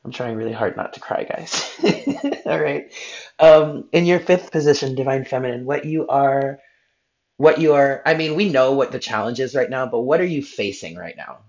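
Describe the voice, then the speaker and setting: A man's voice: mid-range voice, normal speed, a little mellow, dull audio. A man giving a spiritual tarot reading in an earnest, heartfelt way, sometimes blunt. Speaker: tarot reader.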